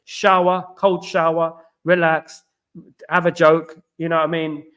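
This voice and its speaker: A man's voice: on the high side, level tone, measured pace, clear, resonant tone. Chatty London man reading live chat. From London, England. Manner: chatty, repeats phrases, warm shout-outs to viewers. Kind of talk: casual live-stream chat.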